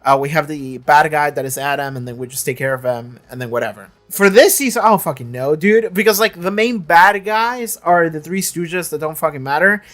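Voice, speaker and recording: Man, fairly high voice, casual episode review, rambling, lots of swearing and restarts. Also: a little fast, hardly any pauses, fairly bright tone, soft background music. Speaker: reaction channel host.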